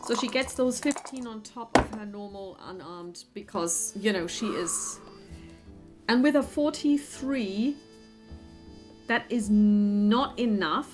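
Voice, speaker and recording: Woman game master with soft music behind. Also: medium pitch, takes it slowly. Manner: friendly, hesitant with many fillers. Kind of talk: narrating a tabletop horror game.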